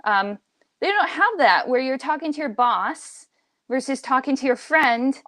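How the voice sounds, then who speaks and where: Opinionated woman with a fairly high voice. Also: measured pace, dry recording. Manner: emphatic, opinionated, animated impressions. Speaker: guest, language teacher. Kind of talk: casual livestream chat.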